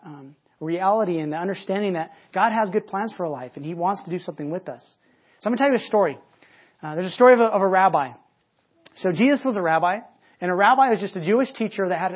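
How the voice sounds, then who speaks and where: Brief: male pastor, conversational storyteller, stumbles and restarts, husky tone, dull recording. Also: high-pitched. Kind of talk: sermon.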